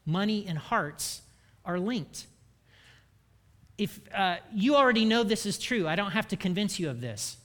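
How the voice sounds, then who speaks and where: A man giving a church sermon as pastor, animated and humorous, with self-deprecating asides. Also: sits high, unhurried.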